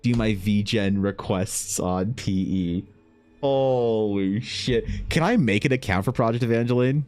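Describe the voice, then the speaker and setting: A man from Canada with a fairly low voice talks loosely through an art livestream. He rambles, swears freely and reads viewer comments aloud as he works, with soft music playing quietly behind him. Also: normal speed, few pauses. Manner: rambling, profane, reads chat aloud while drawing. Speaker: artist streamer. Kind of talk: casual livestream chat.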